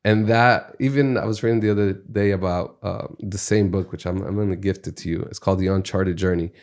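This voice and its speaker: Man, podcast guest, low voice, earnest, reflective, storytelling. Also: steady tone, brisk, darkish tone. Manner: earnest, reflective, speaks in life lessons. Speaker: podcast guest, music executive. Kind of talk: conversational interview storytelling.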